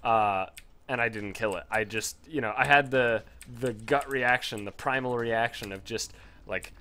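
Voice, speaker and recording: Rambling, foul-mouthed male game commentator. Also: normal speed. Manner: rambling, profane storytelling; excitable jumps in pitch. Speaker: gameplay commentator. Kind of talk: casual gameplay commentary.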